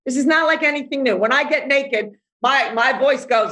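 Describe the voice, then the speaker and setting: A woman's voice: high voice, normal speed, bright, forceful tone, low-quality recording. A middle-aged woman life coach, speaking bluntly and animatedly in a podcast interview, acting out voices as she talks.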